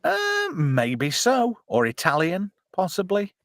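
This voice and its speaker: A man's voice: high voice, wildly swooping pitch, slow pace, a bit bright, dry recording, studio quality. A man hosting a casual, jokey live-stream commentary on a film. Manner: chatty, jokey, puts on silly voices. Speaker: podcast co-host.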